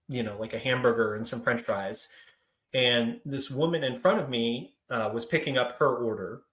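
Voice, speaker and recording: A young man from Central Kentucky leads a training session, his voice sitting at an everyday middle pitch. He talks in a loose, conversational way, leaning on frequent fillers as he tells stories. The room around him has a noticeable echo. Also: a bit bright. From Central Kentucky, United States. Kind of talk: training presentation. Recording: roomy echo.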